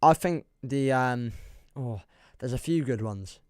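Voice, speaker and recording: Chatty english bloke on a dry mic. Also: male voice, medium pitch, slow pace, a little mellow, clear, resonant tone, dry recording. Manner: rambling, self-deprecating, reads chat aloud, laughs often. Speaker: football livestreamer. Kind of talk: casual livestream chat.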